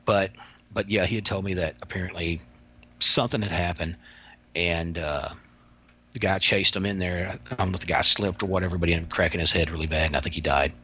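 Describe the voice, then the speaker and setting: Low-voiced man, rambling storyteller. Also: steady tone, brisk, bright, forceful tone, husky. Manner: rambling, repeats words. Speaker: interview guest, former prison officer. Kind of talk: casual interview storytelling. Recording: dull lo-fi sound.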